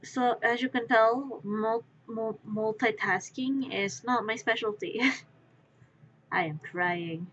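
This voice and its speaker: Woman, live-stream chat, unhurried, distracted, mutters to herself, lo-fi audio, faint hiss. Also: fairly high pitch. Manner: distracted, rambling, chats to viewers while crafting; mutters softly to herself while working. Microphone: wearing headphones.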